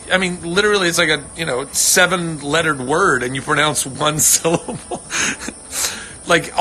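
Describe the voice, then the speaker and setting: Bright-voiced man rambling on a livestream. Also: a little high, a little hiss or hum. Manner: rambling, earnest, swears freely. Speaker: livestream host answering fans. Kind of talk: casual livestream chat. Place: home on a ranch.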